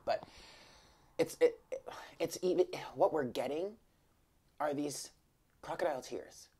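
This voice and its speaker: A woman with a very deep, husky, slightly mellow voice gives a casual spiritual tarot reading at a normal pace, pausing often. She's animated, frank and emphatic, swears freely, and slips into whispered asides.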